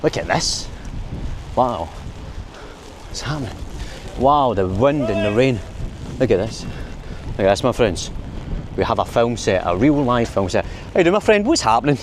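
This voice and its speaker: A Glaswegian man talks to his camera while out on a night walk, rambling and laughing at his own jokes. His voice sits a little low. Faint city noise carries behind him. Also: measured pace, long pauses. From Scotland. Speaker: vlogger. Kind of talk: casual walking vlog. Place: city streets at night in the rain.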